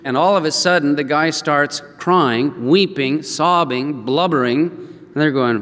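Animated male preacher in an echoey hall. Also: on the high side, moderate pace. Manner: animated storytelling, acts out quotes, chuckles. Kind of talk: sermon.

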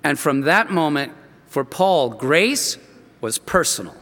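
A man's voice: fairly high pitch, expressive, takes it slowly, fairly bright tone, long reverb tail. A man preaching a sermon as a story, earnest and emphatic, often restarting his phrases.

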